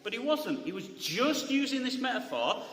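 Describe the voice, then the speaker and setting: A pastor preaches a conversational sermon in a church hall, often checking in with the congregation by asking "right?" and restarting his phrases. His very high voice swings widely in pitch and is a bit bright, at a moderate pace. The hall's long reverb makes it echoey, with slight background noise.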